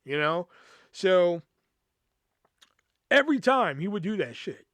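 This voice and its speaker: A man's voice: high voice, very animated, takes it slowly, a bit bright, no echo. A young man hosting a podcast, telling a work story in a casual, profane way and acting out the quoted dialogue. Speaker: podcast host.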